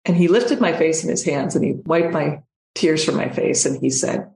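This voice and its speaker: A woman's voice: sits low, moderate pace, creaky, a little mellow, reverberant. A woman guest telling a personal story in conversation, speaking emphatically and repeating phrases for effect.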